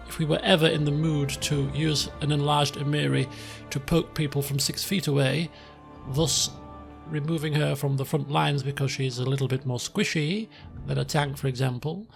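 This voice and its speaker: A man giving casual, chatty, excitable gameplay commentary as a let's play host at a desk microphone. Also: on the high side, gravelly. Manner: chatty, excitable, self-mocking.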